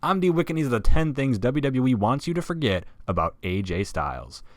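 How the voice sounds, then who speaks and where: A man hosting a wrestling countdown video, narrating from a script with sarcasm and swearing and sudden loud emphasis. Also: mid-range voice, very animated, a little fast, dry recording, clean studio sound. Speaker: wrestling list video host.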